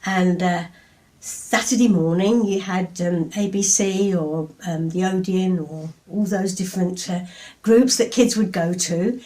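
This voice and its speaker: An English woman in her seventies tells stories about her poems in a chatty, anecdotal way. Her reading voice is lively, and she tells each tale like an old memory. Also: on the low side, a little slow. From England. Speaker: poet. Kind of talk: storytelling and poetry reading.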